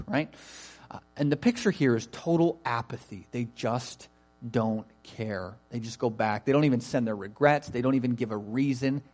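A man preaching a sermon in a conversational, animated way, often asking "right?" and acting out quoted lines. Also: mid-range voice. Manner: animated, acts out invitations in quoted voices; conversational, frequent "right?" asides. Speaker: pastor.

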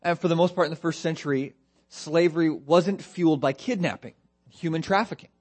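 A man's voice: a little high, fairly quick, darkish tone. Man, pastor, expository sermon, earnest, rhetorical questions, emphatic phrasing.

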